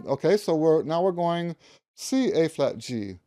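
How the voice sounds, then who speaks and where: Over soft background music, a music teacher in his fifties gives an instructional talk to camera at a measured pace, his voice a little high and dark-toned with big pitch swings. He explains a practice method emphatically, repeating key words and humming note syllables.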